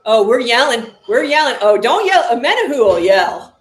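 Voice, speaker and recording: A woman's voice: a little high, normal speed, roomy sound, rough recording. A woman in her forties hosting a casual livestream from home, reacting bluntly and sarcastically as she chats. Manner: lively, blunt and sarcastic, talks back to the game. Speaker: livestream host. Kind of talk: casual live reaction chat.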